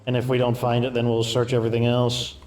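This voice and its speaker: A man's voice: medium pitch, monotone, quick pace, darkish tone. A man streaming a game, chatting casually and thinking aloud as he plays. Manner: chatty, offhand, thinks aloud while playing. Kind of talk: casual gameplay commentary.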